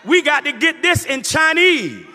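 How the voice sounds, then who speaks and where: High-voiced man preaching emphatically in a hall. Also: sing-song, a little slow, pushed and bright. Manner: emphatic, calls out to the crowd. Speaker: Muslim minister. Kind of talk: preaching to a live audience.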